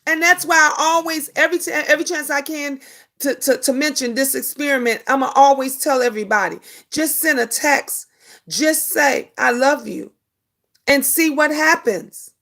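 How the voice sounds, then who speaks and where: A woman's voice: sits high, moderate pace, sharp tone. A middle-aged woman hosting a casual live stream. She answers viewer comments in an emphatic, preachy way and repeats her points. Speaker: livestream host.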